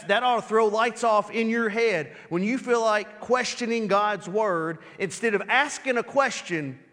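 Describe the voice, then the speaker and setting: A man's voice: sits high, fairly bright tone, in a large hall. A man preaching a sermon in a casual, conversational way, often repeating words as he restarts a thought.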